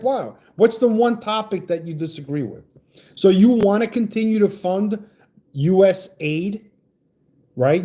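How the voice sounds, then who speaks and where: A man's voice: sits high, dark tone. A man hosting a livestream, ranting heatedly about politics and greeting chat viewers with profane, stammering restarts. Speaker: livestream host reading chat.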